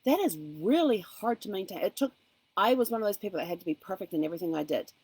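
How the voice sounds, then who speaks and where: A woman's voice: mid-range voice, lively intonation, quick pace, a little mellow, husky, no room sound, poor audio. A woman hosting a casual motivational talk, speaking in an earnest, encouraging way and weaving in personal asides. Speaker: host.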